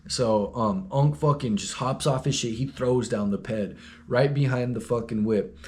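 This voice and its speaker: A man's voice: medium pitch, normal speed, darkish tone, a little hiss or hum. A young man telling a story in a rambling, slangy, profane, laid-back way. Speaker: vlogger. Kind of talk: casual storytelling.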